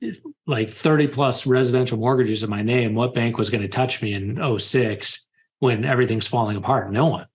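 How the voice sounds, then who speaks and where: A man in his thirties, a podcast guest, openly telling a personal story and getting animated as he retells scenes. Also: medium pitch, normal speed, a little hiss or hum. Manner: open, confessional, animated when retelling scenes. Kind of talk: candid storytelling.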